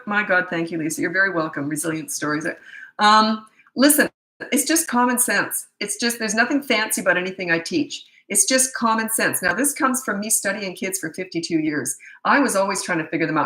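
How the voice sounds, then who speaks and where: A woman's voice: medium pitch, lively intonation, brisk, sharp tone. A woman in her sixties, a parenting coach giving frank, chatty advice in a live Q&A, laughing easily and acting out bits of dialogue. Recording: echoey room.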